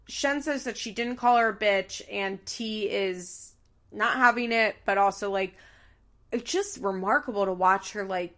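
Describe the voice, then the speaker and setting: Recapping a reality show on her podcast, a female host talks in a mid-range voice, keeping things casual and lively with plenty of laughs and curse words.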